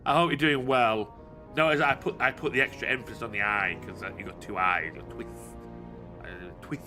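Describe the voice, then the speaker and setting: A man's voice: mid-range voice, a little fast, pushed and bright, soft background music. A man live-streaming a game, joking and rambling as he plays. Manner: jokey, rambling, self-correcting. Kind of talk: casual live-stream gaming commentary.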